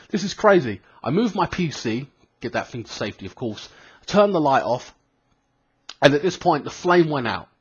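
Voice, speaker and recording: A British man of thirty recounts a story in a loose, casual vlog, with a slightly husky voice at a middling pitch. He swears freely and keeps circling back with fillers and restarts. The home recording sounds dull and lo-fi. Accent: British English. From Britain. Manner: rambling, swears a lot, many fillers and restarts. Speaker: gaming vlogger.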